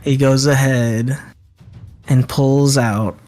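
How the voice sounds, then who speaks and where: A man's voice: medium pitch, fairly even intonation, takes it slowly, a little mellow, faint music behind. A young man narrating as game master of a tabletop game, laughing often between filler words.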